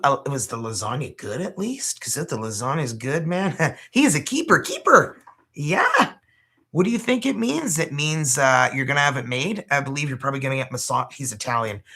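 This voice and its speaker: A woman's voice: very deep voice, fairly bright tone. A Canadian woman hosting a casual livestream, chatty and loose, swearing and laughing as she talks. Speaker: tarot reader hosting a livestream.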